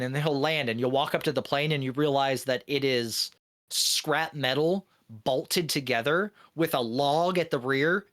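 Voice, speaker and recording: A man co-hosting a gaming podcast, telling a long joke with lively energy, swearing freely and laughing often. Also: mid-range voice. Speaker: podcast co-host. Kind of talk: casual podcast chat.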